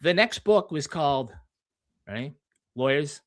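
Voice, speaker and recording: A man with a Boston accent chats on a podcast as a guest author. His voice sits a little high for a man. He tells stories at length and goes along with jokes at his expense. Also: expressive, takes it slowly, dry recording. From Massachusetts. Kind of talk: casual podcast conversation.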